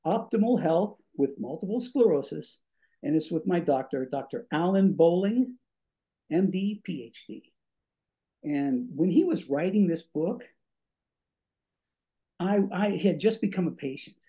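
A man's voice: high voice, a little slow, long pauses. An older man, a former radio DJ, telling stories as a guest, acting out voices and a bit short of breath. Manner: animated, acts out voices in his stories. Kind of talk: storytelling in a podcast interview.

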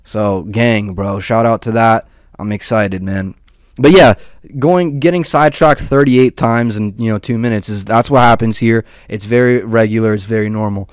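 A man's voice: lowish voice, fairly even intonation, normal speed, smooth, dry recording, clean studio sound. A young man rambling casually and profanely, peppering his talk with "dude" and "man". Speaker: podcast host.

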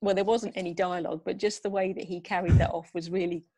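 A woman co-hosting a podcast, chatting thoughtfully with many pauses. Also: on the low side, steady tone, mellow. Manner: thoughtful, hesitant with fillers. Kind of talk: casual chat.

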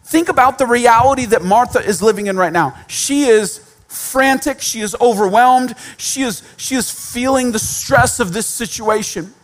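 A man's voice: very high-pitched, normal speed, fairly bright tone. A man preaching a sermon in a conversational style, with repetition and self-deprecating humor. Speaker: pastor.

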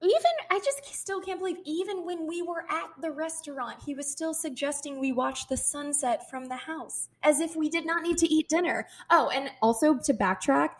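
A woman in her twenties co-hosting a podcast, telling a story in casual chat, animated and emphatic, swearing freely. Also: high-pitched, normal speed, hardly any pauses. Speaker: podcast co-host.

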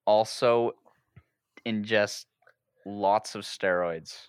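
A man co-hosting a podcast, giving deadpan mock advice in casual banter. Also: on the low side, very slow, smooth, no room sound, clean studio sound. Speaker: podcast co-host. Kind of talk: casual joking chat.

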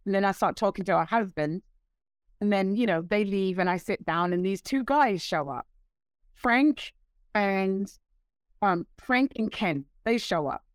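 A woman in her sixties, a guest telling stories in a casual interview, animated and laughing, acting out what others said. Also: medium pitch, measured pace, dry recording. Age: 60s. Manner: animated, laughing, acts out quoted voices.

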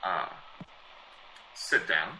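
A man's voice: extremely slow, sharp tone, slight background noise, full character voice, poor audio. An actor playing a flustered, stammering male mystery writer in an old-time radio drama.

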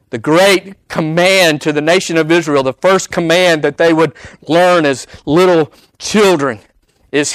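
A man's voice: fairly high pitch, no room sound, poor audio. A man preaching a sermon, emphatic and repeating key phrases for weight.

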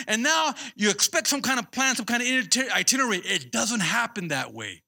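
A man's voice: very high voice, brisk, gravelly, few pauses. A man preaching as a pastor, telling a personal story and calling out to his congregation with repeated words. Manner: animated, repeats himself, calls out to the congregation.

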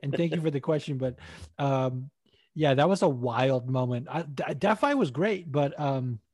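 A man's voice: medium pitch, moderate pace, a little mellow, no room sound, clean studio sound. A man co-hosting a casual podcast, rambling about fights with frequent swearing and laughter. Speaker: podcast co-host. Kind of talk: casual MMA podcast chat.

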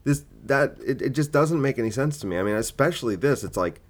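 A man's voice: mid-range voice, lively intonation, a little fast. A man, a comedian, arguing his point in a solo podcast monologue, full of rhetorical questions and fillers.

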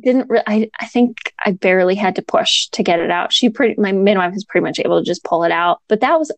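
A young woman telling her birth story in casual chat, chatty and quick to laugh, with lots of "like" fillers. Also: mid-range voice.

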